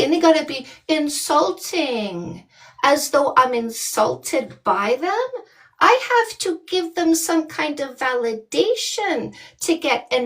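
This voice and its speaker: A woman from Canada, a dating coach, ranting on a livestream in a blunt, mocking and profane way. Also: sits high. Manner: scolding, with many rhetorical questions. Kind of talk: livestream rant.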